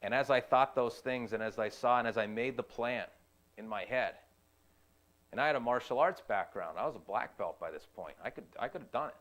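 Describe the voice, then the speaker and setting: A young man, a youth ministry volunteer, giving a personal testimony in an earnest, halting way, often repeating his phrases. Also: medium pitch, a bit bright.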